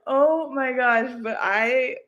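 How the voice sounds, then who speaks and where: Chatty woman livestreamer, slightly high voice. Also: slow pace, fairly bright tone, dull audio. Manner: rambling, chatty, laughs often; self-deprecating. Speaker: livestream host. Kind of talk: casual chat.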